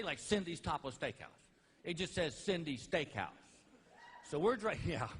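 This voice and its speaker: A middle-aged man telling stand-up stories about his family in a folksy, animated way, laughing at his own jokes. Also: high voice. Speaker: stand-up comedian. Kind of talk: stand-up storytelling. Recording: live comedy album with faint noise.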